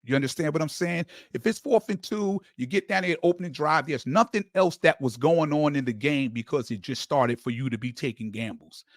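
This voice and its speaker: This sports channel host has a mid-range voice and talks a little fast with hardly any pauses, captured in clean studio sound without echo. His casual fan monologue is emphatic and builds to heated moments, full of stammered restarts and repeated words.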